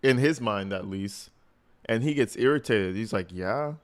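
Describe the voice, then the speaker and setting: A man's voice: lowish voice, moderate pace. Mocking profane male commentator. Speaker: commentary host. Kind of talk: casual reaction commentary.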